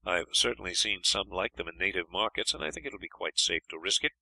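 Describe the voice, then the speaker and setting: An audiobook narrator voicing a cheerful, plucky young lad who talks in a hearty, encouraging way. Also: male voice, deep voice, expressive, a little fast, gravelly, bright, forceful tone, dry recording, heavily acted, low-quality recording.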